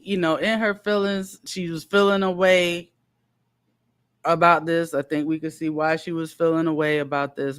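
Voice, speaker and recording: A woman's voice: fairly low pitch, smooth. A woman hosting a commentary channel, recapping events in a chatty way and laughing between points. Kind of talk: casual commentary.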